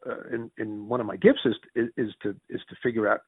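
A middle-aged man with a Northeastern US Yankee accent, telling business stories in an interview with fast, excitable restarts and acted-out dialogue. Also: husky, dry recording. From Northeastern United States. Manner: fast, excitable, restarts sentences, acts out quoted dialogue with big pitch jumps. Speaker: interviewee, former mayor and finance executive. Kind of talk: animated storytelling in conversation. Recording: tinny, phone-like dry sound.

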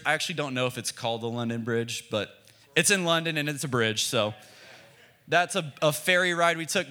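A man's voice: fairly high pitch, sharp tone. A young American man preaching a sermon in a casual, joking way, asking the congregation to repeat phrases back. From United States. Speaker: pastor.

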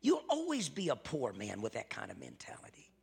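A man's voice: sits high, big pitch swings, slow, gravelly, a little mellow, husky, long reverb tail, pitched above the performer's own voice, exaggerated voice. A preacher putting on a pushy, exasperated businessman. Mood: incredulous.

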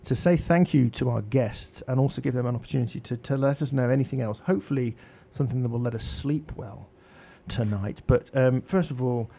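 A man's voice: mid-range voice, a little fast, few pauses, warm tone, slightly rough, dull audio. A man hosting a radio show, chatting casually with many fillers and restarts.

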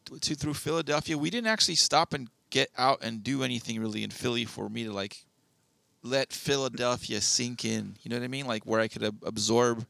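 A laid-back man in a casual podcast chat, with a gravelly, creaky voice at an ordinary pitch. He speaks in a low-key way and keeps most of his replies short. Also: brisk, pushed and bright. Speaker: podcast co-host.

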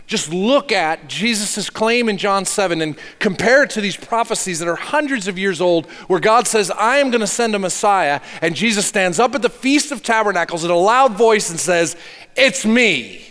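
A man preaching a sermon as pastor, earnest, swinging from hushed to emphatic. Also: high-pitched, lively intonation, normal speed, few pauses, long reverb tail.

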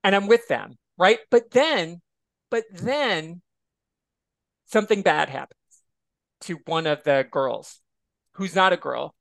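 A man's voice: fairly high pitch, lively intonation, normal speed, gravelly, fairly bright tone, no echo. A man guesting on a podcast, chatting casually and expressively and swearing freely. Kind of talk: casual chat.

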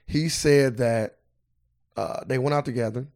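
A man co-hosting a podcast, telling an animated story in casual banter, swearing freely. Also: medium pitch, unhurried. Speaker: podcast co-host.

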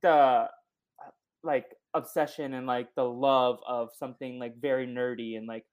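A man's voice: mid-range voice, moderate pace, highs cut off. Chatty male podcast host. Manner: relaxed, chatty, many fillers. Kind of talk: casual chat.

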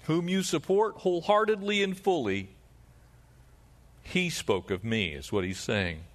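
A man pastor preaching a sermon, moving from emphatic rises to hushed, low drops. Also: animated, measured pace.

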